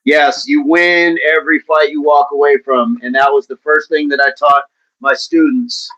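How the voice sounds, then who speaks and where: A man hosting a fitness livestream in a casual, upbeat way, chatting and giving playful shout-outs to viewers by name. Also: on the high side, fairly even intonation, normal speed, lo-fi sound. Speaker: livestream host of a fitness channel. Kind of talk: casual livestream chat, reading out viewer comments.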